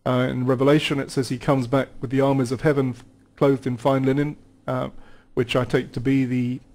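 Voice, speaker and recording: A man's voice: medium pitch, level tone, a little fast, darkish tone. Man explaining scripture in conversation. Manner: earnest, explanatory, reads scripture aloud with some restarts. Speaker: guest Bible teacher.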